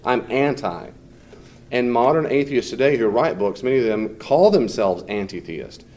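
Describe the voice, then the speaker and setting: A man's voice: medium pitch, expressive, moderate pace, darkish tone. A man teaching a class in a conversational, off-the-cuff way, fielding questions from students and often mimicking people in short quoted voices.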